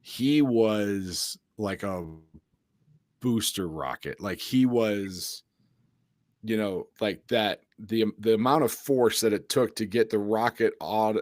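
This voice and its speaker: A man hosting a casual ministry conversation, telling animated stories and laughing often. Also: fairly low pitch, takes it slowly, no room sound, clean studio sound. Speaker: youth ministry podcast host.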